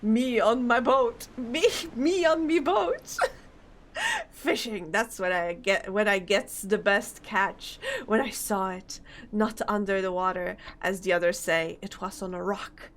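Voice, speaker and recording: A woman reading game dialogue aloud, voicing a gruff, superstitious old fisherman who boasts in a rustic dialect. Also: medium pitch, expressive, a little slow, a bit bright. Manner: rustic dialect, dropping grammar.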